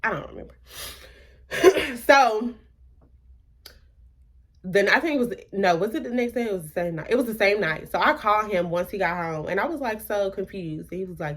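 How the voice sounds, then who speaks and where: A young woman vlogger, telling a storytime in an animated way and acting out quotes in hushed asides. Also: mid-range voice, normal speed. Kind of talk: storytime vlog.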